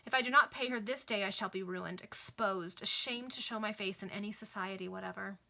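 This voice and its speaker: A woman's voice: medium pitch, brisk, creaky, pushed and bright. Woman reading as a pleading Victorian lady. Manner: pleading and emphatic. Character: distressed aristocratic lady, proud and impatient.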